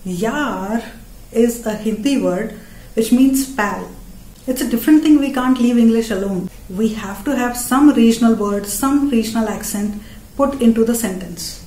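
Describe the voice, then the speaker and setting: A woman with an Indian accent delivers a playful stand-up routine, tossing words from other languages into her sentences. Her voice sits a little high yet sounds mellow and warm. The room adds a noticeable echo. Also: a little slow. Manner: playful, switching between languages mid-sentence. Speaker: stand-up comedian and channel host. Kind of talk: stand-up comedy monologue.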